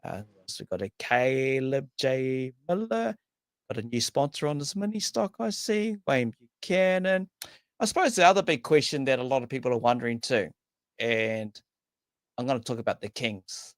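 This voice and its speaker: A man's voice: mid-range voice, expressive, moderate pace, dry recording, clean studio sound. A man hosting a casual speedway chat show, upbeat and jokey, rattling off greetings to viewers. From New Zealand. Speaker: podcast host. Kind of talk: casual chat with live viewer shout-outs.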